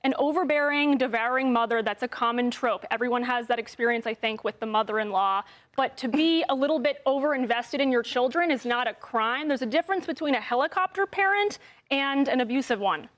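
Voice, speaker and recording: Woman, high voice, TV panel commentator, forthright and firm. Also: brisk, fairly bright tone. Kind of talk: opinionated TV panel talk.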